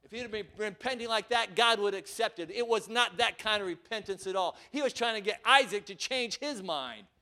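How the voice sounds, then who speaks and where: A man preaching a sermon, acting out scripture voices and swinging from quiet asides to loud, dramatic passages. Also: high-pitched, fairly quick, few pauses.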